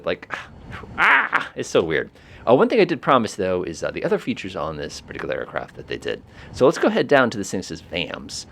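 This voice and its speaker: A man hosting a flight simulator walkthrough, talking casually in an excitable, amused way with plenty of fillers. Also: sits low, vocal fry. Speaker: flight simulator video host.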